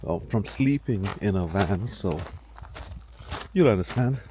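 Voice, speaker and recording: A man's voice: lowish voice, lively intonation, unhurried. A man in his forties, a travel vlogger, talking casually to his camera outdoors and laughing at himself often. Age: 40s. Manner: chatty and self-deprecating, laughs often. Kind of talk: casual vlog talk to camera. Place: outdoors on a road trip, by a van and on hikes. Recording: loud outdoor wind and vehicle noise.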